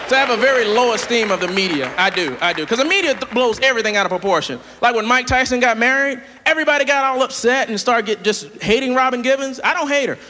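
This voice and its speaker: A man from the southern United States doing a playful, animated stand-up comedy set on a large theater stage. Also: very high-pitched, fast talker, few pauses, over a noisy crowd, heavy background noise. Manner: animated, playful, jumps into character voices. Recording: live theater hall with audience.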